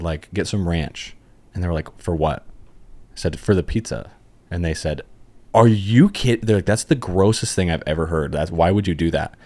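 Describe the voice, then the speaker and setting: A young man co-hosting a podcast, telling jokey, excitable stories in casual chat. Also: deep voice. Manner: animated storyteller, jokey and excitable. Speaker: podcast co-host.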